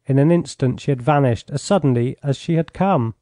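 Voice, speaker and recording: A man of medium pitch narrates an audiobook from a script in an even, measured storytelling manner. He's close to a studio mic, and there's no echo.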